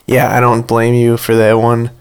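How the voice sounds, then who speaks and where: A man's voice: medium pitch, monotone, normal speed, clean tone. A man co-hosting a casual drinking podcast, reading a news story aloud and dropping dry comments between lines.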